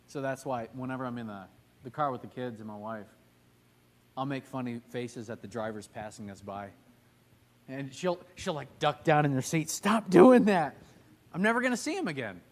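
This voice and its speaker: Male Bible class teacher, thirties, casual and conversational, questions the group, average pitch.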